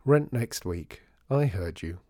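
A man's voice: medium pitch, expressive, normal speed, warm tone, dry recording, pitched above the performer's own voice, lightly acted. A man voicing a gloomy, mournful neighbour heard through a door in a storybook, dry and sardonic. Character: gloomy unseen neighbour, mournful then curious.

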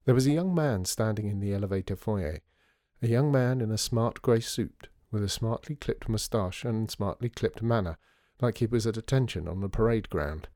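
A man narrating a storybook in a measured, wry way. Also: on the low side, warm tone, no echo, studio quality.

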